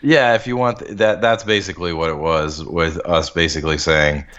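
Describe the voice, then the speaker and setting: A man co-hosting a casual podcast in a relaxed, agreeable way. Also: low-pitched, a little fast. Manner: relaxed, agreeable, chimes in with short backchannels. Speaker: podcast co-host. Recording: dull lo-fi audio.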